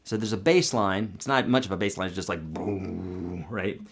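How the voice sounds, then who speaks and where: A man teaches a song on guitar during a live stream, talking casually and chattily as he explains and breaks into sung demo lines. His voice is low-pitched and husky at normal speed, with loud guitar playing behind it.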